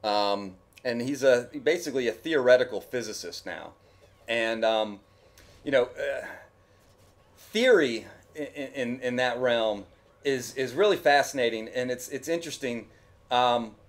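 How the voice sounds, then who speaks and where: A man's voice: medium pitch, a little slow. A man talking casually over his gameplay footage as a YouTube gamer, rambling and joking with his viewers. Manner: rambling, chatty, jokey. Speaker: gaming YouTuber.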